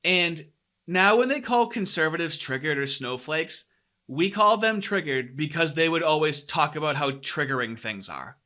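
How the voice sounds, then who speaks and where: A man's voice: fairly high pitch, expressive, normal speed, bright, forceful tone. A man hosting a podcast, reacting to clips in a profane, mocking, casual way. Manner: profane, mocking, laughs often. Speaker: podcast host. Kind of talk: casual commentary over clips.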